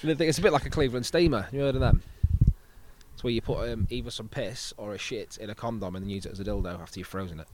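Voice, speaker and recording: A young adult man, hosting a casual pub chat with quick, crude, joking banter. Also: lowish voice, background noise. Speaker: podcast host.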